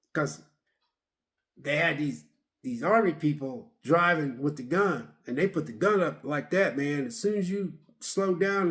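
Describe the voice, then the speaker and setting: A man giving a casual, rambling movie review, retelling scenes with lots of repeats and fillers. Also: a little high.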